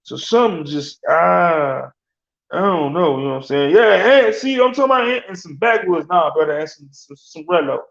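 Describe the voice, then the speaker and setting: A man's voice: fairly high pitch, expressive, normal speed, creaky, fairly bright tone. A man, hosting a casual sports rant in a loose, slangy, rambling way with frequent laughs. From Alabama. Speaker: sports talk host. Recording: echoey room, dull lo-fi sound.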